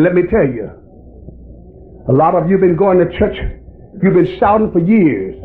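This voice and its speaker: A man preaching a fiery sermon that rises into shouting. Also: sits high. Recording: tinny lo-fi recording with faint hiss.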